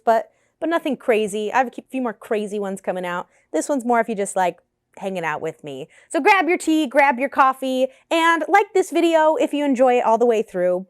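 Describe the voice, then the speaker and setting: A woman's voice: on the high side, no echo, studio quality. Chatty young woman telling pet stories. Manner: chatty, animated, laughs often. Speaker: vlogger. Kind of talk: casual storytime chat. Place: her apartment.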